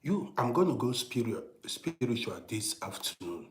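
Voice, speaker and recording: A middle-aged man telling a personal story in a casual monologue, dropping to hushed whispers and rising to loud, emphatic bursts, often repeating and restarting phrases. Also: medium pitch, very animated, moderate pace, roomy sound. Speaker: storytelling channel host.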